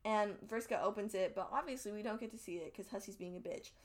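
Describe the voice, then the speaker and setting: A young woman co-hosting a podcast recaps a webcomic, rambling and swearing freely while acting out the characters' lines. She speaks in a mid-range voice at a quick pace.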